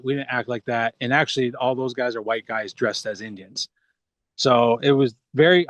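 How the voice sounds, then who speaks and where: Actor guest, man, relaxed rambling interview talk, dry close recording. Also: medium pitch, no echo. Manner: relaxed, rambling, many restarts. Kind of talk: casual interview chat.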